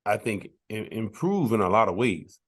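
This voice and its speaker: A man co-hosting a music podcast, talking in a relaxed, rambling way with frequent restarts. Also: lowish voice, moderate pace. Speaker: podcast co-host. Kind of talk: casual chat.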